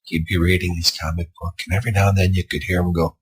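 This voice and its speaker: A man's voice: low-pitched, flat delivery, fast, slightly rough, rough recording. A man telling an improvised spooky story in a rambling, conversational way, with asides.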